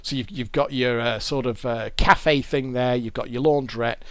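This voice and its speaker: A man's voice: medium pitch, fairly even intonation, moderate pace, fairly bright tone, clean tone. A British man giving casual, rambling commentary while he plays a fruit machine game and explains its features.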